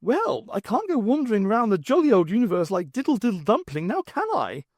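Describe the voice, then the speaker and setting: A man's voice: sits high, very animated, brisk, a little mellow, dry recording, clean studio sound, pitched above the performer's own voice, heavily acted. A man reading aloud and voicing a flustered, posh young Englishman who gushes in upper-class slang. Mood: excitable.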